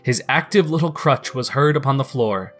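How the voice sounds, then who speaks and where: A man reading a classic story aloud in a measured, expressive way. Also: mid-range voice, faint music behind. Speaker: narrator. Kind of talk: storybook narration.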